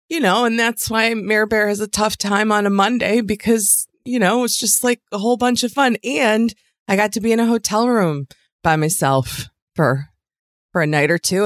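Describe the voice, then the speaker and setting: A woman's voice: medium pitch, dry recording. A woman comedian co-hosting a podcast in casual chat, bubbly and gushing.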